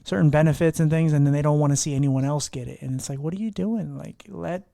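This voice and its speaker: A man's voice: a little high, fairly even intonation, fast talker, creaky, mellow, no room sound, clean studio sound. A young man in a casual podcast chat, talking bluntly, swearing freely and acting out what other people say. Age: young adult. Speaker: podcast guest.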